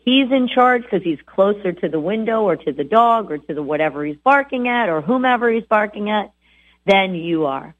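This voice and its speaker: A woman hosting a radio show about dog training, coaching listeners in a lively, direct way. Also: mid-range voice, normal speed. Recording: tinny phone-like sound.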